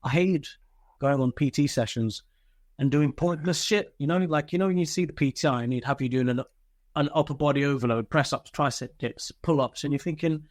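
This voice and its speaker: A man's voice: on the high side, brisk, no echo. Candid, swearing man. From Britain. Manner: candid, swears freely, laughs through stories. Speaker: interview guest, army veteran. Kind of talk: casual interview storytelling.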